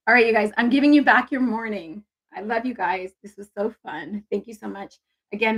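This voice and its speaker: A woman with a gravelly, husky voice hosts a relaxed livestream, chatting warmly and affectionately with her viewers. Her pitch sits at an ordinary middle height. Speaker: intuitive reader and livestream host. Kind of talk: casual livestream chat.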